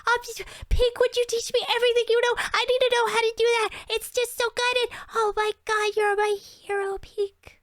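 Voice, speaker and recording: A woman's voice: very high-pitched, flat delivery, normal speed, hardly any pauses, fairly bright tone, no room sound, pitched above the performer's own voice. A woman voicing a little nerd child who gushes over a hero in breathless, squealing praise. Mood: starstruck. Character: gushing little nerd kid, starstruck fan.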